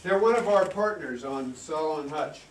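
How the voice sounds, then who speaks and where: A man's voice: a little high, expressive, normal speed. A man hosting a radio show, chatting casually and joking around. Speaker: radio host. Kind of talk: casual chat. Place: radio studio. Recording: echoey room, distant mic, faint noise.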